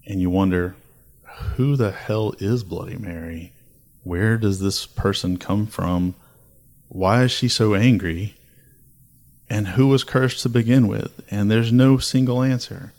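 A man's voice: fairly low pitch, a little slow, a little mellow. A man hosting a casual podcast chat, telling spooky folklore with dramatic, building lists. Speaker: podcast host.

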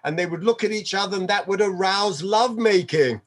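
A man's voice: sits high, fairly quick. A man giving a Torah sermon as a rabbi, weaving in Hebrew quotations and chuckling often as he explains.

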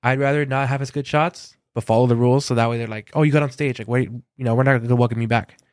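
A man from Southern California, a concert photographer, telling lively anecdotes in a casual interview and acting out quoted dialogue, with a lot of filler words. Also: medium pitch, fast talker, smooth, no room sound, studio quality.

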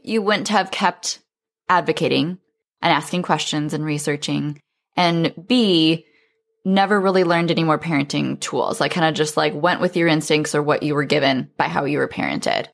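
A woman's voice: low-pitched, creaky. A woman hosting a podcast, listening supportively and asking long, thoughtful questions. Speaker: podcast host. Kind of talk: casual interview chat.

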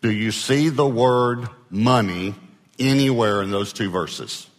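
A male pastor delivering a sermon in a large church auditorium, with a voice of ordinary middle pitch. He speaks conversationally and keeps asking the congregation to answer him out loud. His words ring with a long hall reverb. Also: slow.

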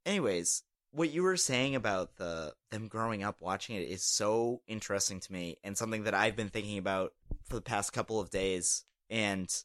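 A podcast co-host chatting casually in a wry, animated way, often stammering at the start of a thought. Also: low voice, no echo, studio quality. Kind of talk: casual chat.

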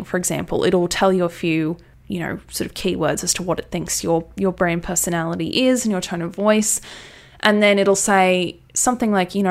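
This is a woman, her voice sitting a little low. She chats enthusiastically through a casual how-to on content writing, peppering it with "like" and "you know". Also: steady tone, fairly quick. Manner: chatty, enthusiastic, filler-heavy. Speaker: brand copywriting coach. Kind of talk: casual how-to talk to camera.

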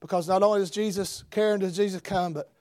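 A man preaching a revival sermon, swinging between shouted emphasis and hushed lines. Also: sits high, fairly even intonation, quick pace, dry recording.

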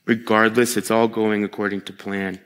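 A man preaching a sermon as pastor, talking in a lively, conversational way that swings between excited bursts and hushed asides. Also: fairly low pitch, moderate pace, smooth. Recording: long hall reverb.

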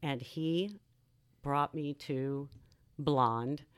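A woman's voice: deep voice, very slow, smooth. A woman in her sixties, a guest on a podcast, telling a story in a chatty way and laughing easily. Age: 60s. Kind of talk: casual chat.

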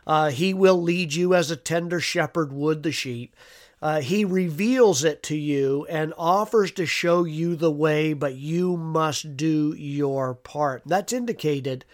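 A man with a fairly high voice delivers a devotional sermon slowly and earnestly, often saying "uh" and repeating words. He reads scripture aloud with emphasis.

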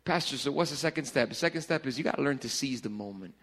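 A middle-aged man preaching a casual youth sermon in a church hall, joking and swinging between loud bursts and hushed lines. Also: mid-range voice, lively intonation, fast talker. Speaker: pastor.

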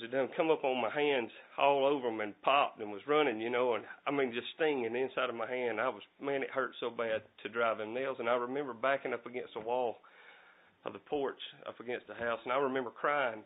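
Folksy man preaching, tinny sound. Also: mid-range voice. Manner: folksy, repeats words and restarts, plain country speech. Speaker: lay preacher. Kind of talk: storytelling sermon. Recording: tinny phone-like recording.

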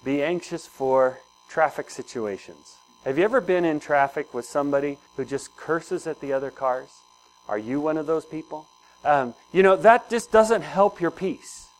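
A man's voice: a little high, normal speed, low-quality recording. A man preaching a sermon in a conversational way, asking the congregation questions and repeating key phrases. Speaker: pastor.

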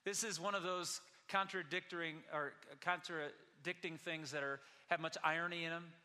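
A man's voice: fairly high pitch, fairly even intonation, sharp tone. Earnest male preacher in a reverberant hall. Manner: earnest, rhetorical questions, slows for emphasis. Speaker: pastor. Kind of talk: sermon.

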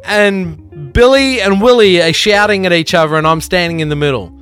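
Brief: earnest, foul-mouthed podcast host, a touch high-pitched, soft music bed. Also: male voice, normal speed. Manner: profane, earnest, rambling. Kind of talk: casual pep talk and anecdote.

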